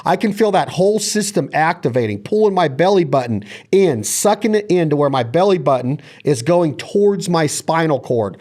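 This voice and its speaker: Slightly high-voiced enthusiastic host. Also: male voice, normal speed, few pauses. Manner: energetic, detailed, lists body parts and steps. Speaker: podcast host. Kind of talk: casual instructional chat.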